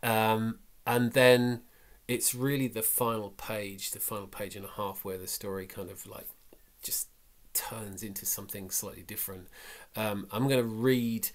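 A man giving a casual, reflective talk about a short story, halting often with fillers. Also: lowish voice, level tone. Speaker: book vlogger. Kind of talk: casual book talk and reading.

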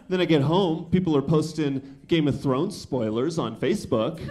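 Male comic, 30s, slightly raised pitch, conversational club set with handheld mic and brief acted voices. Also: expressive, a little mellow. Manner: conversational, acts out quick voices for friends and his son. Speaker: stand-up comedian. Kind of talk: stand-up comedy set. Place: comedy club stage.

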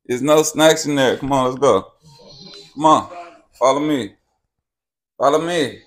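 A man's voice: medium pitch, unhurried. A young man hosting a casual home vlog, playfully coaxing kids and dogs and laughing often. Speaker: vlogger. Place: home kitchen. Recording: noisy home recording.

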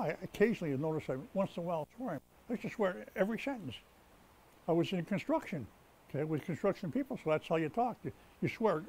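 A man preaching a sermon as pastor, stressing words as he builds up and often restarting his sentences mid-thought. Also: high voice. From United States. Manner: preaching with rising emphasis and repeated words. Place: rescue mission chapel.

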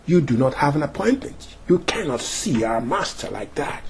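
A man's voice: a little high, sing-song, moderate pace, gravelly, slight background noise. A man voicing stern male disciples who scold curtly. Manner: curt, scolding.

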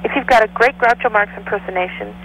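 A recorded voice reading an automated phone entry message. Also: female voice, mid-range voice, fast, gravelly, fairly bright tone, lo-fi sound.

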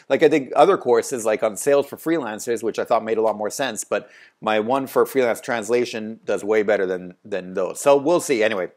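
A man who runs a translation agency, giving casual, rambling advice to camera, with frequent fillers and restarts. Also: mid-range voice. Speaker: translation agency owner, video host. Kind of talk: casual talking-head advice.

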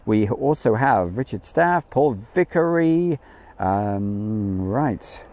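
A man's voice: lowish voice, lively intonation, slow pace, darkish tone. A man hosting a live stream outdoors from a campsite field, chatting in a jokey way and greeting viewers by name. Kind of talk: casual live-stream chat.

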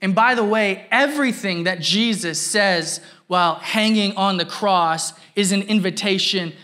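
A man preaching a sermon as pastor, telling a story in a lively way and acting out the people in it. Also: sits high, a little slow. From Canada. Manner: animated, acts out quotes, laughs while telling.

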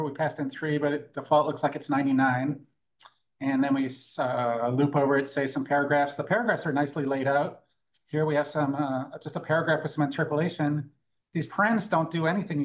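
The clip captures a conference speaker at a meetup, presenting a live tech demo to an audience in a casual, joking way with many fillers and restarts. His pitch leans high, and the audio is poor.

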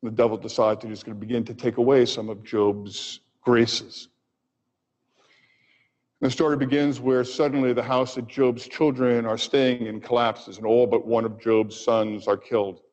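Male physician lecturer, expressive storyteller, lo-fi recording in a reverberant hall. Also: mid-range voice. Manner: expressive, pausing for effect. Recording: dull audio with long hall reverb.

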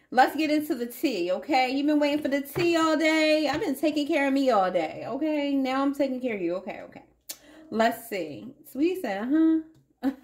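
A woman giving a casual tarot reading to her viewers, chatty and playful, calling them baby and y'all. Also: on the high side. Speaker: tarot reader.

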